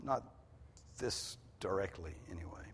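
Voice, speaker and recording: A man's voice: low voice, animated, a little slow, breathy edge. A male pastor preaching a sermon to his congregation in a conversational way, explaining scripture in plain everyday words. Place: church hall with a congregation. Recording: long reverb of a large hall.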